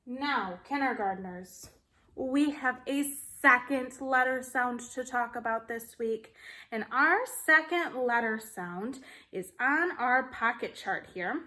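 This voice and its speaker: A woman teaching a phonics lesson to kindergartners on video, speaking slowly and in a sing-song manner as she reads and spells along. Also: a little high, sharp tone. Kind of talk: video lesson for young children. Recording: echoey room.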